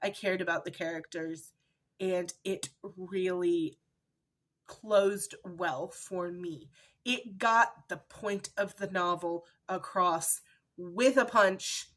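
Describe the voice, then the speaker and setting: A woman's voice: lowish voice, takes it slowly, a bit bright. A woman reviewing a book in a chatty, emotional way, with many fillers, recorded at home. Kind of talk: casual book review vlog.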